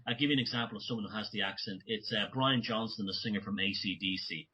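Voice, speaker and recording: A man's voice: fairly low pitch, fast talker, pushed and bright, husky, dull audio. A man speaking as a guest in an interview, talking in long rambling runs with many restarts and self-corrections. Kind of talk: remote conversational interview.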